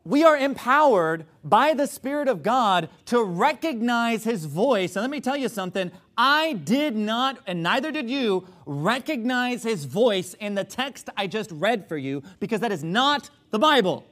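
Male preacher, high voice with lively swings, sarcastic and emphatic delivery. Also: measured pace, hardly any pauses. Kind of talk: sermon.

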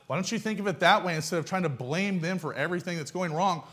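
Male preacher, high voice, folksy and blunt, pounds points home with rhetorical questions. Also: fast talker, fairly bright tone. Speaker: pastor. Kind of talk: sermon.

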